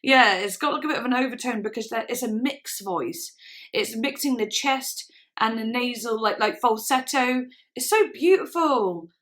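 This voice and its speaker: A woman's voice: fairly high pitch, animated, normal speed, fairly bright tone. A young woman chats enthusiastically as she reacts to music, sometimes singing along. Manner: chatty and enthusiastic, sings along to snippets. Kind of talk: casual reaction chat. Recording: music playing faintly behind the voice. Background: song playing in the background.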